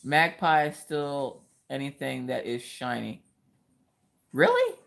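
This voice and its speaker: A woman chatting casually on a craft livestream, reading viewer comments with animated, laughing reactions. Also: lowish voice, moderate pace. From Pennsylvania. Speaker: livestream host.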